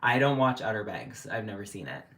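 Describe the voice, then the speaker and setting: A man's voice: lowish voice, sing-song, brisk, fairly bright tone. A young man chatting casually on a livestream at home, rambling with lots of "like" fillers. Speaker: livestream host. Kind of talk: casual chat. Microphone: livestream setup.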